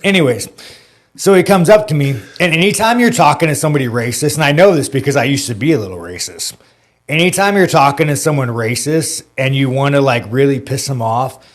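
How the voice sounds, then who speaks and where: A man's voice: mid-range voice, expressive, fairly quick. A man telling a story in casual, profane podcast talk, rambling and filling his speech with "like". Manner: rambling, heavy use of "like" and swearing.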